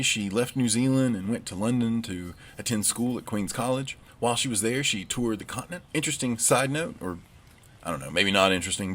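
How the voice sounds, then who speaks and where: Southern us guy teaching lit, lowish voice, chatty lecture w/ dry little asides. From United States. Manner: conversational, with wry asides. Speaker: literature lecturer. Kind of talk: recorded lecture.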